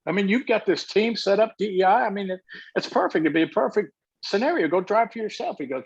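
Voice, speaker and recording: An older man who once managed baseball tells stories in an interview, animatedly acting out the dialogue in his answers. His voice is high-pitched, fast, and slightly rough with vocal fry, and the audio is muffled and lo-fi.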